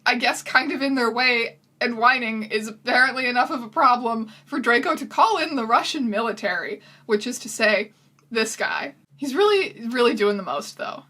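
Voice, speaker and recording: A woman's voice: on the high side, lively intonation, normal speed, sharp tone. A woman hosting comedic commentary, sarcastic and incredulous, close to the mic. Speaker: video host.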